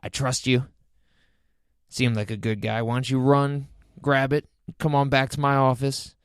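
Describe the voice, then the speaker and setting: A man's voice: medium pitch, level tone, a little slow, smooth, no room sound, studio quality, close to an everyday voice. A man voicing an eccentric, cheerful seventy-year-old man in a friendly, matter-of-fact way while telling a story.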